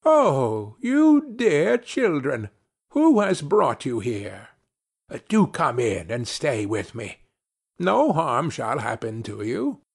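A man voicing a wicked, greedy old witch in a high, slow, drawn-out mocking voice for a children's audiobook. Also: wildly swooping pitch, vocal fry, husky, exaggerated voice. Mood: falsely sweet.

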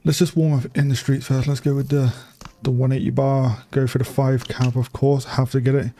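This gaming streamer is a young man whose mid-range voice stays level and warm at a normal speed, with slight background noise. He chats away while playing a bike game on a live stream, cursing freely and laughing a lot.

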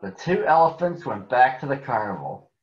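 A man reading a picture book aloud to children in a gentle, expressive way. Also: medium pitch, normal speed. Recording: echoey, muffled room recording.

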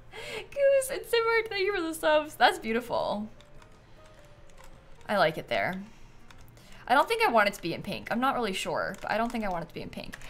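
A woman's voice: medium pitch, wildly swooping pitch, fairly quick, long pauses, fairly bright tone, faint music behind. A woman streaming a game, chatting casually and musing aloud as she decorates, talking to her chat and sleepy enough to keep yawning. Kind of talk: casual livestream commentary while playing.

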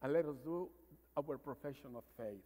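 A priest in his fifties from Mexico with a Mexican Spanish accent, preaching a sermon with stories and calls for amens, sometimes dropping to a hushed voice. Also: medium pitch, moderate pace. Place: large church. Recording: church reverb.

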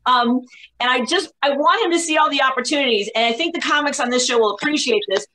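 A woman's voice: sits high, fast, sharp tone, slight background noise, poor audio. A woman comedian in her forties chatting self-mockingly on a video call from a hotel laundry room. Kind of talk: stand-up chat.

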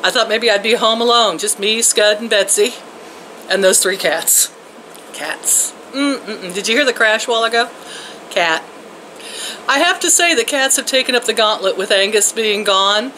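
A woman's voice: a little high, normal speed, bright, forceful tone, slight background noise, rough recording. An older woman chatting casually to her viewers from home in a folksy way, laughing often and talking to her pets. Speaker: vlogger. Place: home, indoors and out in her yard.

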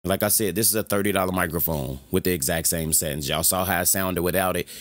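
A man's voice: sits low, quick pace, no room sound. A young man casually walking through his mic settings, slangy and laid-back, often saying "you know what I'm saying". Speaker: streamer explaining mic settings. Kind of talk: casual tutorial. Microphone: studio dynamic mic, close.

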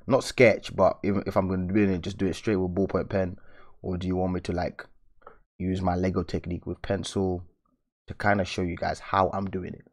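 A young man chats loosely with viewers while he draws, full of slang and easy laughs. His voice sits very low, and he talks the way a host does on a relaxed live stream. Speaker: art channel host. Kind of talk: casual live-stream chat while drawing.

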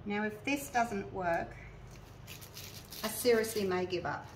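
A woman's voice: medium pitch, slow pace, distant mic, low-quality recording. Chatty woman narrating her craft. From Australia. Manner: chatty, narrates each step aloud as she works, talks to viewers directly. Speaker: resin artist showing her craft. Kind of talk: casual hands-on craft tutorial. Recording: mic a little away, faint background noise.

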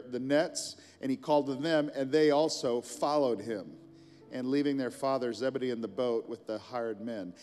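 A man's voice: medium pitch, darkish tone, long reverb tail. A middle-aged man preaching a sermon as a pastor, telling the story in a casual, conversational way with asides.

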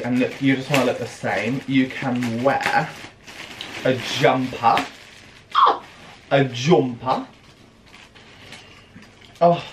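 A man's voice: medium pitch, a little hiss or hum. Young British man, fashion vlogger, gushy and theatrical, echoey room with faint ambience behind. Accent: British English. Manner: gushing, theatrical gasps and squeals. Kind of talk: casual haul video chat.

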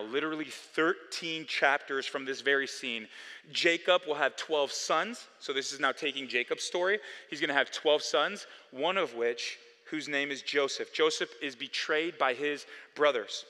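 Male pastor, sermon delivery, bright forceful tone, swings from hushed to emphatic. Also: mid-range voice. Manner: preaching with swings between quiet, slowed passages and loud, emphatic ones. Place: church sanctuary. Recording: long hall reverb.

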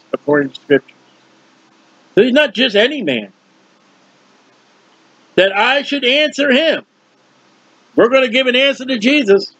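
Animated high-voiced man preaching. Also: no room sound. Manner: animated, asks the listeners questions. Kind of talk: bible teaching sermon. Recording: dull lo-fi dry recording.

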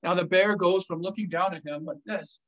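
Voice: mid-range voice, normal speed, recorded from a distance, poor audio. A former army officer telling a war story on a vlog, acting out the scenes with gestures. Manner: animated, acts scenes out with gestures.

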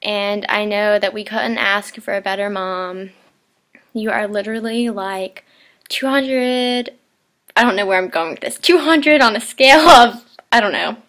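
A woman's voice: mid-range voice, measured pace, fairly bright tone. A young woman talking casually in a heartfelt video message to her mother, rambling a bit with fillers and small laughs.

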